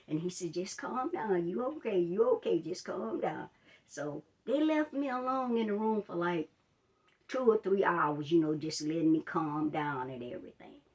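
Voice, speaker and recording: A woman telling a personal story in a storytime vlog, chatting straight to her viewers and retelling it with drama. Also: fairly low pitch. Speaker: life coach.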